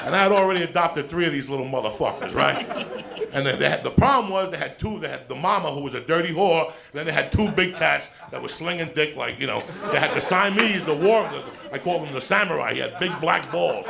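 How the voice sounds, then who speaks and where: Gravelly dude doing standup, swearing constantly, tells it blunt and chatty, hiss in the background. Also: male voice, a little high. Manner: profane, blunt and conversational. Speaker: stand-up comedian. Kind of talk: stand-up storytelling. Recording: played clip with steady background noise.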